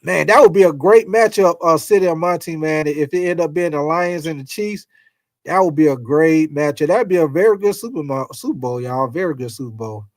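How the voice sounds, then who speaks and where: A man hosting a casual sports livestream, reading viewer comments and talking football with loose, profane, animated chatter. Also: on the high side, a little fast, dry recording. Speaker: sports talk livestream host.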